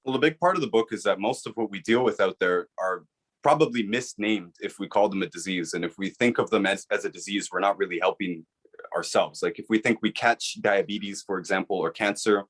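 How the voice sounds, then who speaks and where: A man with a fairly low voice speaks as an interview guest. He explains in an earnest, persuasive way and keeps checking in with the listener. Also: a little fast, fairly bright tone. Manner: earnest, persuasive, repeats "right?". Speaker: author and guest.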